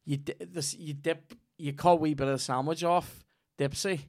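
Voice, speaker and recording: In a clean, dry studio recording, a man hosting a podcast delivers a profane, jokey ad read, rambling as he goes. He is Northern Irish, and his slightly high, somewhat mellow voice keeps a steady tone at normal speed.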